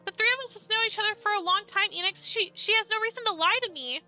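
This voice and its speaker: A woman's voice: extremely high pitch, fast talker, sharp tone, faint music behind, voice pushed up, full character voice. A woman voicing a tearful, lovesick young woman in a dating game, pleading and emotional. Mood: upset.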